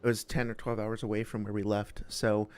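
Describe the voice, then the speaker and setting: A man's voice: lowish voice, little pitch movement, brisk, darkish tone, smooth. A young man hosting a live stream, chatting casually with viewers in a friendly, rambling way, full of fillers and restarts. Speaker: streamer host.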